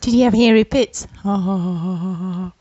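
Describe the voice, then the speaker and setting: A woman's voice: mid-range voice, slow pace, warm tone, no room sound. Playful female podcast co-host, teasing, dull lo-fi recording. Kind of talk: casual chat.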